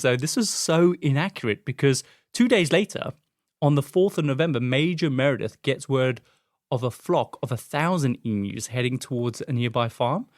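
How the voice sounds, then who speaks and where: A man's voice: mid-range voice, dry recording, clean studio sound. Chatty man telling a story. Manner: animated, chatty, frequent fillers. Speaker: podcast host telling a story. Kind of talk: casual storytelling chat.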